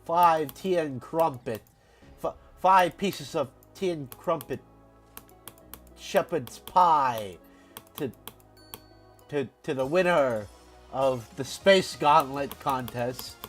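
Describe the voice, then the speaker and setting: A man's voice: a little high, fairly bright tone, faint music behind, voice pushed up. Man doing a hammy mock-British announcer. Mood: pompous. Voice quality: mock-British accent, drawn-out words. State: congested from a cold. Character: silly over-the-top British man announcing prizes.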